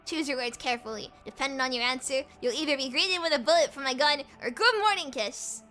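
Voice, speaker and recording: A woman voicing a gruff old male scavenger with a put-on American Southern drawl, talking rough and folksy. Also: high voice, fast, sharp tone, faint music behind.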